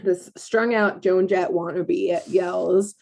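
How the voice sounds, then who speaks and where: Her voice sits low, gravelly and somewhat dark, with a steady tone and a slow pace. As a podcast co-host in casual conversation, she tells a meandering recap of a cartoon episode, leaning heavily on fillers and breaking into laughter often.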